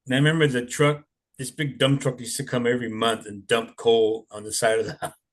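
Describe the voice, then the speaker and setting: An older man with a mid-range voice tells stories in a loose, rambling way. He often chuckles and fills gaps with "you know". He sounds like a guest in a relaxed conversation. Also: mid-range voice, brisk. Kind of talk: casual storytelling.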